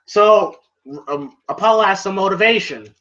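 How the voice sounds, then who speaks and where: A man co-hosting a casual movie review chat. He rambles, fills every pause with "you know" and swears freely. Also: high voice, bright, forceful tone. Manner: rambling, heavy on "you know" fillers, profane. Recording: dull lo-fi recording.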